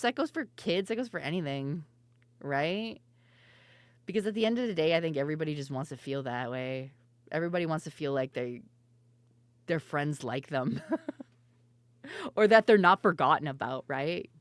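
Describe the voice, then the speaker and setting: A woman with a lowish voice, chatting on a live stream. She is loud and quick to laugh, and she swears freely. Her voice is recorded close and dry, with no room sound. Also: animated, no room sound. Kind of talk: casual live-stream chat.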